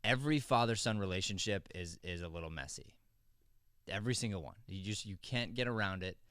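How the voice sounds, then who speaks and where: A middle-aged man with a fairly low voice talks through acting craft in a casual podcast chat. He is earnest and rambling and often restarts his sentences. The sound is dry and close, with no room behind it. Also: expressive, brisk, a bit bright, no room sound. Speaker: acting coach and podcast host.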